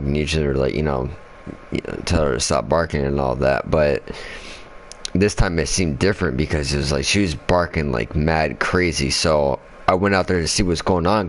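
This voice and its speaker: A man's voice: rumbling low, a little fast. A man telling a story in casual chat while playing a game, swearing constantly and rambling with fillers. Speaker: gaming channel host.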